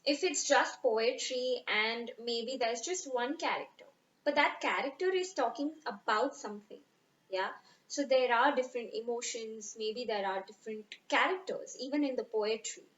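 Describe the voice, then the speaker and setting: A woman teaching poetry recitation, speaking slowly and expressively and stressing words for effect. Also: on the high side, expressive, fairly bright tone, echoey room, muffled recording. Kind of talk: recitation lesson.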